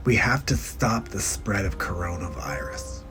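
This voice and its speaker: A man doing impressions of famous businessmen in a breathy whisper and of a brash, rushed governor, with faint music behind. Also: sits low, animated, fairly bright tone, pitched below the performer's own voice. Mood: hushed.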